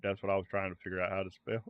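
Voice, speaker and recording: A man's voice: deep voice, no echo, phone-quality sound. A man narrating a tabletop role-play game as game master, in a loose conversational way with fillers.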